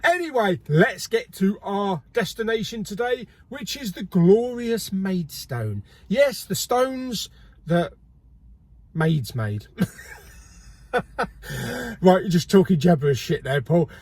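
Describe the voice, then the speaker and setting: A man's voice: high voice, very animated, slow pace, long pauses, a little mellow. A man hosting a casual shopping vlog, cheeky and jokey, swearing casually. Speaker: video host. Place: car and multi-storey car park.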